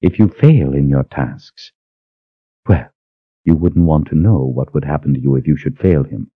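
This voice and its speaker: A cruel sorceress, as a male narrator puts her on, speaks in an icy, measured, mocking way. Her voice sits low, and the recording is dry and a little dull. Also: breathy edge, dry recording. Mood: cold menace. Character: cold cruel woman sorceress, calm menace.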